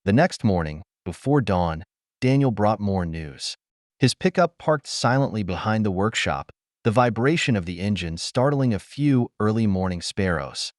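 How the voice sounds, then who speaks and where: A man narrating a dramatic story in an even, unhurried way. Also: on the low side, no room sound, clean studio sound.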